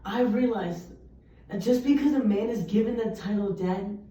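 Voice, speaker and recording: A woman's voice: medium pitch, moderate pace, warm tone. A young woman reciting poems earnestly, with emphatic delivery. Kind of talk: poetry recitation. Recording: echoey, distant, muffled room recording.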